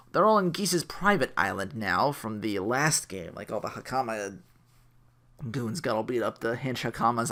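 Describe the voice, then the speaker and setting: A man's voice: mid-range voice, a bit bright. Jokey man rambling through a review. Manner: rambling, jokey, self-correcting, laughs often. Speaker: anime reviewer. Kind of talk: casual review commentary.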